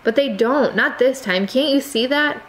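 An exasperated American teenage boy, earnest and insistent, his voice climbing as he pleads. A woman reads him aloud in a storybook narration. The tone stays close to an everyday voice, lifted a little higher. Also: moderate pace, fairly bright tone, slight background noise, rough recording. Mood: pleading.

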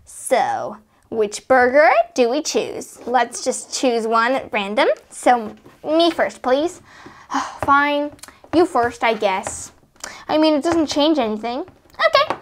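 Excitable toddler girl dolls squabble their way through a game, voiced by a woman. The voice sits very high and leaps wildly up and down, stretching words out slowly. A faint hiss runs under the recording. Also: full character voice. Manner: high, excitable, squealing when upset. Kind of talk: doll play narration.

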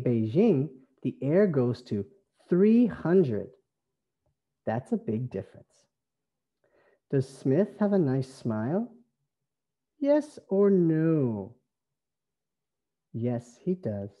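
A man from Canada with a Canadian accent, an English teacher reading a phonics lesson slowly in a sing-song way. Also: medium pitch, highs cut off. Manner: slow, sing-song, stretched words.

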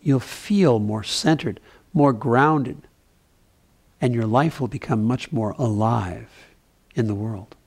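A man giving a gentle, conversational mindfulness talk with playful asides. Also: medium pitch, slow pace, gravelly. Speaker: spiritual teacher.

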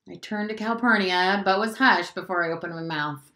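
A woman teacher reading a novel aloud in a steady, clear storytelling voice. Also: fairly low pitch, normal speed. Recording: roomy echo.

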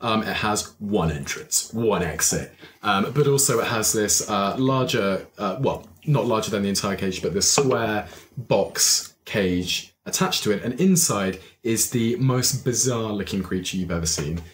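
A man's voice: lowish voice, lively intonation, measured pace, a little hiss or hum. A man narrating as game master, describing scenes with many hesitant ums and uhs.

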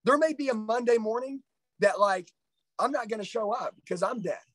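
Casting: middle-aged male sales trainer, high husky voice, confrontational and profane, dry close sound. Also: normal speed, fairly bright tone, no room sound, low-quality recording. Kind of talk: live motivational speech. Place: live training session.

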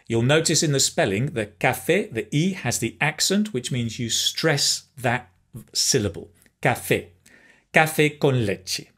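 A man teaching a beginner language lesson, speaking slowly and carefully and pausing so learners can repeat phrases. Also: on the high side, a bit bright. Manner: slow, careful, encouraging, pauses for repetition; switches between English and Spanish phrases. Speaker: Spanish teacher.

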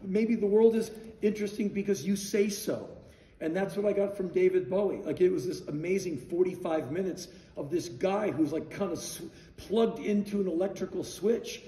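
A man in his sixties telling a casual anecdote in an animated, emphatic way, acting out the dialogue. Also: high-pitched, normal speed. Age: 60s. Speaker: storyteller guest. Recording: roomy sound, distant mic.

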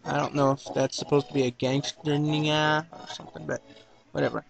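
A man chats through a video game with joking, self-mocking asides. His voice is gravelly and slightly high, and he talks slowly. Faint game music runs behind him. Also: flat delivery, poor audio. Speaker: let's play commentator. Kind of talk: casual game commentary.

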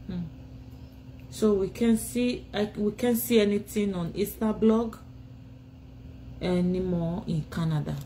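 A woman's voice: mid-range voice, a little slow, long pauses, dark tone, a little hiss or hum, poor audio. A Nigerian woman ranting in a phone live video from home, scolding and insulting her rivals while tired and sleepy. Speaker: vlogger.

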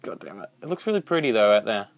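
A young man giving rambling, excitable let's-play commentary as a gaming channel host, swearing when startled. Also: on the low side, fast talker, no room sound.

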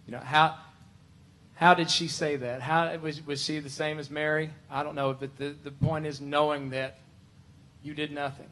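Bright-voiced man preaching a sermon. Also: on the high side, level tone, moderate pace. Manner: emphatic, shifts to loud pleading when voicing Martha; conversational, with asides and rhetorical questions. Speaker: worship pastor.

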